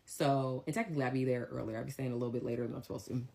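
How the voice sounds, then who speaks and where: Young woman, low voice, casual storyteller, blunt and animated. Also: racing, gravelly. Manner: animated, blunt, acts out dialogue.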